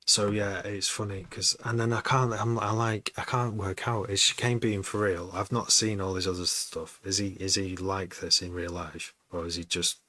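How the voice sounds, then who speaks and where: A man's voice: low voice, level tone, moderate pace, hardly any pauses, pushed and bright, no echo. A man streaming a music production session, chatting casually in a rambling way, swearing often and breaking off mid-sentence. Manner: starts and stops mid-sentence, repeats words. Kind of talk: casual chat.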